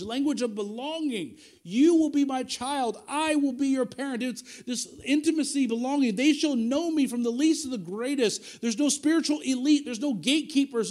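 A male pastor preaching a sermon, telling stories with emphatic repetition. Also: very high-pitched. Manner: animated storytelling with emphatic repetition.

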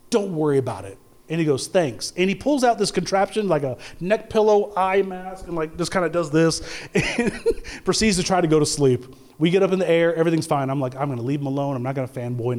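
A man's voice: high-pitched, a little mellow. A man preaching a sermon in church, telling a funny personal story and building to emphatic preaching, acting out the lines he quotes. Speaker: pastor. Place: church with congregation.

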